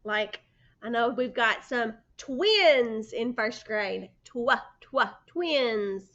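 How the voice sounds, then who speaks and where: A woman teaching first graders phonics, sounding out letter blends slowly and patiently, prompting the children to answer. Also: a little high, lively intonation, fairly bright tone, dull audio. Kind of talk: phonics lesson for young children. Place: indoors by a sunny window.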